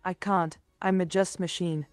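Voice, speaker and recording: A synthetic female AI assistant voice giving short, flat, stubborn replies. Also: lowish voice, a little slow, faint music behind.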